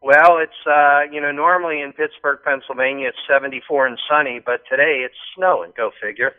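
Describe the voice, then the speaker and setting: A man calling in to a political talk show, speaking in an animated, rambling way with repeated restarts. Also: fairly high pitch, brisk. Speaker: call-in guest. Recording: muffled phone line.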